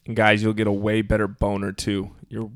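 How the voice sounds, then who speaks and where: A man with a low, gravelly voice co-hosts a podcast and keeps cutting in with crude jokes. His voice sounds close and dry. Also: monotone, normal speed, no room sound. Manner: joking, crude interjections. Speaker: podcast co-host.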